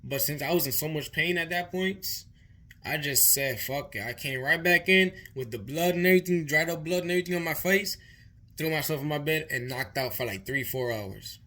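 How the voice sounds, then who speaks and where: Pushed and bright, a slightly high male voice moves fairly quickly as a young vlogger tells a long, rambling tale. He's casual and profane, repeating himself often.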